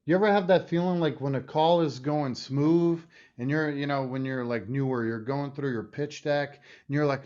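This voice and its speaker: Slangy male host, mid pitch, slightly dull lo-fi audio. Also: fairly quick, hardly any pauses, darkish tone. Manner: casual, slangy, "you know what I mean". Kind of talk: casual interview chat.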